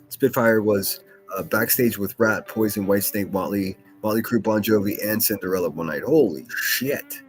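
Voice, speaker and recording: A man's voice: on the low side, steady tone, normal speed, pauses often, faint music behind. A man hosting a solo podcast, rambling casually with lots of swearing, fillers and restarts. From Pittsburgh, USA.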